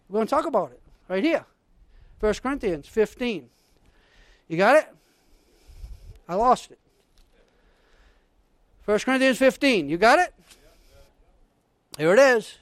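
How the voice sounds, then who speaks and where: This pastor preaches with fervor, his voice notably high, as he reads scripture with building excitement and keeps urging the congregation to answer back. He speaks at a normal speed with frequent pauses, and the clean, close recording carries no echo.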